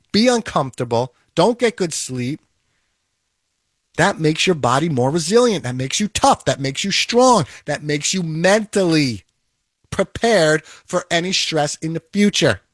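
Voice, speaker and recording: A man's voice: on the high side, no echo, studio quality. A man giving an emphatic, repetitive motivational talk about toughness and handling emotions. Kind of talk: motivational monologue.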